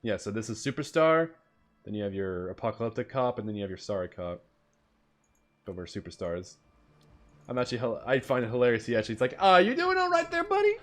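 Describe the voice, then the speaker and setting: Animated male game streamer. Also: on the low side, fast talker, pauses often. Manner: animated, reads game text in dramatic voices. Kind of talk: gameplay commentary, reading aloud.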